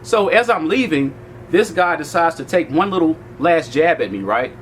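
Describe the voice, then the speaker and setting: A man vlogging, retelling a heated run-in in a casual, animated way, later chatting outdoors at an event venue. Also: on the high side, moderate pace, a little hiss or hum, low-quality recording. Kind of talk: casual storytelling to camera.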